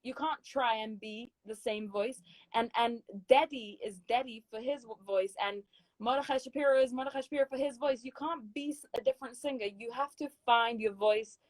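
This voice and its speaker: A British woman, a guest singer, talks through her advice in a casual interview. Her higher voice stays emphatic and encouraging. The sound is dry and close. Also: normal speed, dry recording, rough recording. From Britain. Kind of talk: casual video chat interview.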